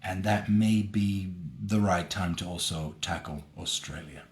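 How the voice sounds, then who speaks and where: A man's voice: low voice, unhurried, a little hiss or hum. A man hosting a live fan Q&A and autograph signing, chatting casually and playfully as he reads out fan comments. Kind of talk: casual live-stream chat. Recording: roomy echo.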